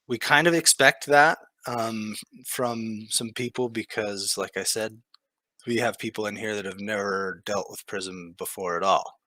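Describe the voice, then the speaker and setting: Bright-voiced man leading a training. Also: on the low side, no room sound, low-quality recording. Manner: relaxed, many ums, slow and measured. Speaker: training team manager. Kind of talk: online training presentation.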